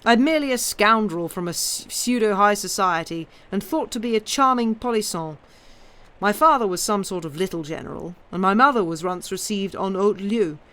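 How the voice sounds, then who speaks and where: A woman's voice: mid-range voice, animated, moderate pace, fairly bright tone, natural voice. A woman voicing a dissolute young male baron with an impertinent, fashionably weary delivery. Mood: impudent.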